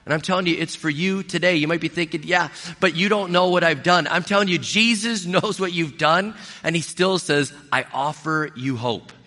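A man preaching a sermon in a bright, forceful voice that sits a little high for a man. He is an earnest, middle-aged pastor who pleads with his listeners and repeats his key phrases. His words ring out with a long church-hall reverb. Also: a little fast, few pauses.

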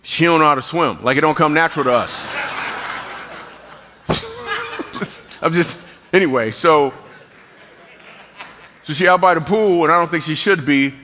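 A middle-aged man preaching a humorous sermon, animated and jokey, acting out what people said. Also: fairly high pitch, unhurried, pauses often, a little hiss or hum. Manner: animated, jokey, acts out quotes. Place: church hall. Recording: long hall reverb.

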